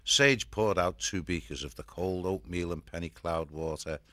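A man narrating a children's fantasy audiobook in a measured, even storytelling manner. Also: low-pitched, no room sound.

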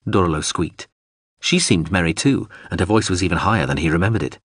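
Man narrating audiobook, very deep voice, lively intonation, dry recording. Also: a little fast, breathy edge, dry recording.

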